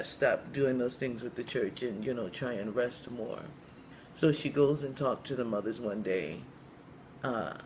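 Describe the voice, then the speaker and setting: A man telling a long story joke in a casual, rambling way, with lots of you-knows and pauses. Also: mid-range voice, darkish tone, a little hiss or hum. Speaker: comedian storyteller.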